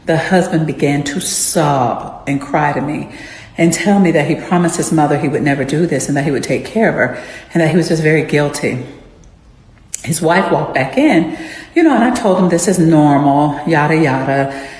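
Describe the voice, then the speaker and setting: A woman's voice: sits low, expressive, moderate pace, a little mellow. A woman who works in a care facility, earnestly telling a story from her job. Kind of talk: storytelling clip. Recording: echoey room with long reverb.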